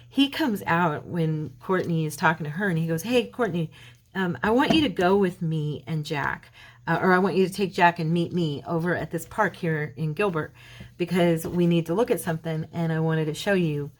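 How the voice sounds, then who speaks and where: A woman hosting a craft channel, telling a long story casually while she works, acting out the quoted lines in a brighter, higher voice. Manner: chatty retelling, acting out quoted dialogue in a lifted voice; loose, rambling, with fillers and restarts. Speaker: mixed-media craft channel host.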